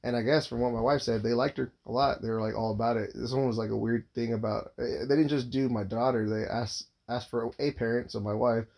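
A man's voice: mid-range voice, steady tone, a little fast, gravelly, hardly any pauses, a little mellow. A man in his thirties, a father, telling a long casual story, rambling and swearing constantly with lots of filler words.

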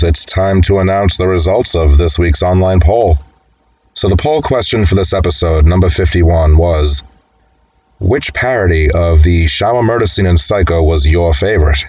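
A man hosting a podcast, reading a scripted segment at a brisk pace. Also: low voice, darkish tone. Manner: brisk, read-from-script delivery. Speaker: podcast host. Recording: dull distant sound.

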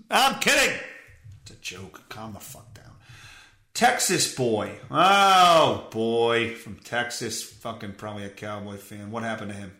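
A man's voice: on the low side, lively intonation, a little slow, bright, forceful tone, echoey room. A male podcast host reading news stories aloud and mocking them with sarcastic, profane commentary. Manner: sarcastic, swears often, mocks the stories he reads.

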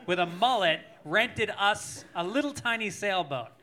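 A man's voice: high voice, animated, unhurried, bright, forceful tone. Male comedian guest, rambling profane anecdote, laughing, live podcast stage.

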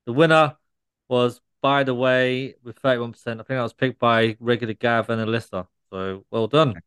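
A man's voice: medium pitch, steady tone, normal speed, a bit bright, clear, resonant tone, no echo. A man co-hosting a casual podcast chat, often laughing as he tells stories. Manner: laughing while recounting a story. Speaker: podcast co-host.

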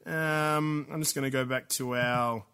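A man co-hosting a casual gaming podcast, chatty and prone to excited outbursts. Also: a little slow, clean tone. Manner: excitable, laughs often, pitch jumps when hyped. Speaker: podcast co-host. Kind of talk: casual chat.

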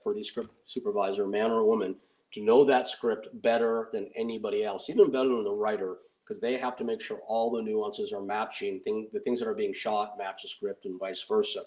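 Middle-aged man, lowish voice, dry humor, animated anecdote delivery. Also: poor audio. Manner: animated, wry, acts out quoted voices. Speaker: storyteller recounting film production. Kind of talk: casual anecdote telling.

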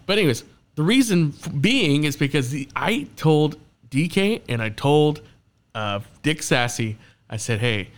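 A man's voice: on the high side, lively intonation, measured pace. A young man hosting a casual podcast chat, telling stories in a rambling, profane way, with many restarts. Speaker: podcast host.

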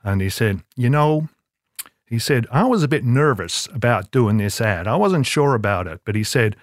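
A man's voice: mid-range voice, lively intonation, moderate pace, no room sound, clean studio sound. Rambling man telling stories. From Australia. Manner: rambling, self-deprecating storyteller with many restarts. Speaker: interview guest, advertising creative. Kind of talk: casual anecdote telling.

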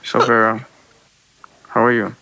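Insistent man with a bright voice. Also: medium pitch, little pitch movement, vocal fry, rough recording. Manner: insistent, repeats himself, halting. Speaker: phone caller.

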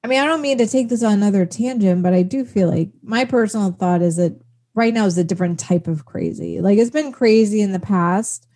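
A woman with a mellow, warm voice speaks earnestly in a relaxed podcast conversation. She weighs her thoughts as she talks, thoughtful rather than loud. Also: medium pitch, brisk. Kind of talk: casual chat.

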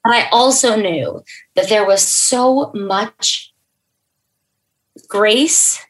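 A woman's voice: mid-range voice, rough recording. Earnest woman telling a personal story. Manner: earnest, halting, with many fillers and restarts. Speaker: podcast guest.

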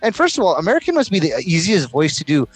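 A man with a fairly high voice chats on a casual podcast, cursing freely and rambling through his stories. He slips into quick mock voices to make a point, and faint music plays underneath. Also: husky. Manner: profane, rambling, animated storytelling with mock voices. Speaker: podcast co-host.

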